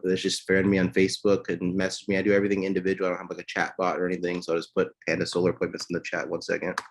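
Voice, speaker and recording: A man's voice: deep voice, completely flat delivery, racing. A man giving sales coaching over a video call, acting out both sides of phone conversations in shifting voices. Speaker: guest sales trainer. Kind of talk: casual coaching talk.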